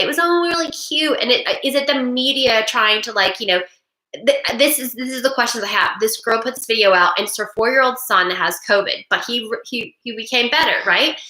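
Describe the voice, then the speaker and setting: A middle-aged woman hosting a webinar, talking in an animated, rambling, emphatic way. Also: fairly high pitch. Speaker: webinar host. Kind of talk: casual monologue. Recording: echoey room.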